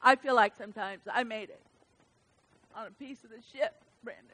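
A woman pastor preaching a sermon at a church service, swinging from loud emphatic calls to soft, hushed lines. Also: on the high side, moderate pace.

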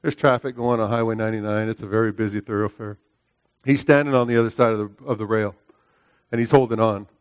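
A middle-aged man preaching a sermon, telling a personal story. He speaks emphatically and repeats phrases, often asking "right?", and swings between loud, high preaching and quieter storytelling. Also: steady tone, fast, clear, resonant tone, dry recording.

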